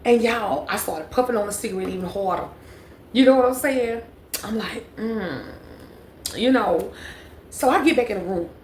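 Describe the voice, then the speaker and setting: A young woman vlogger tells a storytime at a moderate pace in a fairly high voice, chatting directly to her viewers and repeating phrases for emphasis. The room is echoey, with faint background noise.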